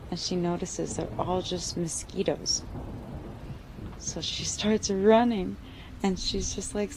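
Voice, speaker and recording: A woman's voice: fairly low pitch, gravelly, background noise. A young woman casually telling a spooky story, often saying "like". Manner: casual, uses "like" a lot.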